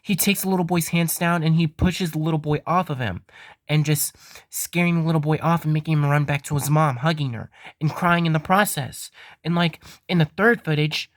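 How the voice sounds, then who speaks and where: A man's voice: fairly high pitch, steady tone, a little fast, no echo, studio quality. A man hosting his own channel, talking in an earnest vlog style that is repetitive and full of stumbling restarts. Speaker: host of a fan-made theme park channel.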